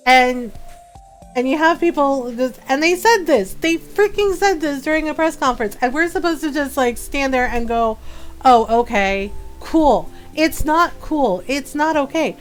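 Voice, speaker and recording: A woman hosting a livestream, talking in a heated, emphatic way and repeating her points. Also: high-pitched. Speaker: livestream gamer host. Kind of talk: casual livestream chat.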